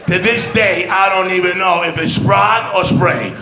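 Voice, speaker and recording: A stand-up comedian with a New York accent works a comedy club stage, brash and streetwise, delivering punchy lines peppered with "man." His voice sits high with a steady tone and moderate pace. The echoey club is filled with loud crowd laughter.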